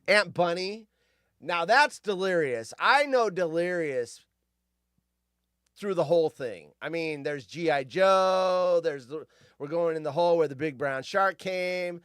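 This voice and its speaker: In a casual, rambling monologue, a fifties-aged show host from California drifts through nostalgic stories and tangents. His voice is high and smooth, captured in a dry, studio-quality recording.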